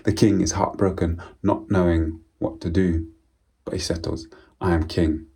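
A man telling a folk tale aloud in a measured, solemn way, often dropping to a quiet voice. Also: low-pitched, steady tone, creaky, husky. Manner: slow, measured and solemn with repetitions. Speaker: storyteller. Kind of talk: oral storytelling of a folk tale.

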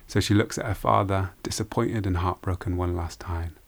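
A man telling a folk tale aloud in an unhurried, hushed way, with repeated phrases. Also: low voice, fairly even intonation, creaky. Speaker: storyteller. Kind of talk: oral folk-tale storytelling.

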